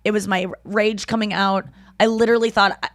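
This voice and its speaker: A woman hosting a podcast, telling an emotional story in casual chat, acting out quotes loudly and swearing freely. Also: medium pitch, level tone, fairly quick, no room sound, studio quality. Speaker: podcast host.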